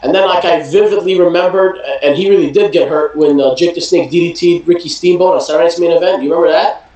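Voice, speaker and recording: A man's voice: fairly high pitch, steady tone, quick pace, dark tone, highs cut off, soft background music. A man telling stories as a guest in a casual interview, rambling with many restarts and fillers. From New Jersey. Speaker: guest, wrestling promotion owner.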